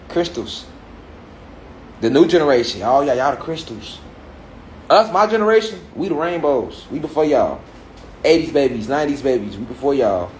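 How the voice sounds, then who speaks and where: A man's voice: fairly high pitch, darkish tone, reverberant, slight background noise. A man in his thirties with an African American Vernacular English accent, lecturing a gathered audience on spirituality and driving his points home with rhetorical questions and repetition. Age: 30s. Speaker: speaker addressing a gathered audience. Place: large room with an audience.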